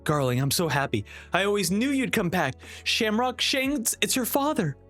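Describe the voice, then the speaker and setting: A man voicing a hopeful, lovestruck young woman in a raised falsetto while reading a comic aloud. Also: big pitch swings, moderate pace, a bit bright, soft background music.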